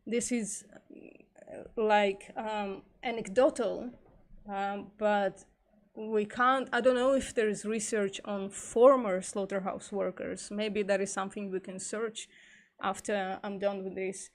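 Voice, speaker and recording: A woman on a live stream talks slowly and unhurriedly, pausing often as she thinks aloud. Her voice is wearing thin and slightly hoarse. She sits in the middle range of pitch. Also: fairly even intonation. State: losing her voice. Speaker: vegan streamer. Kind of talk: live-stream reading and commentary.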